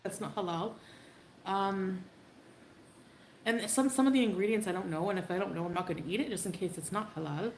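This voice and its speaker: A woman's voice: mid-range voice, a little fast, long pauses. A woman chatting casually on a livestream, laughing and greeting viewers by name. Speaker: livestreamer in a played clip. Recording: echoey room with faint background noise.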